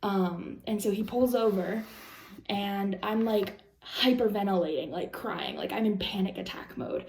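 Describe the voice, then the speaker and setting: A woman's voice: mid-range voice, unhurried, gravelly, a little mellow, echoey room, a little hiss or hum. A young woman vlogger telling a long personal story in a rambling, casual way with many fillers. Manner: rambling, lots of "like" and "um", anxious retelling.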